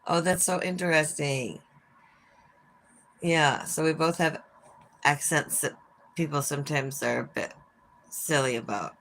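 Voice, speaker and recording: A woman from Minnesota, with a Minnesotan accent, chats casually and sarcastically with viewers on a livestream from home beside an open window. She's chatty and frank with her swearing, speaking in a deep voice that is a bit bright, unhurried, and full of long pauses. Slight background noise is audible.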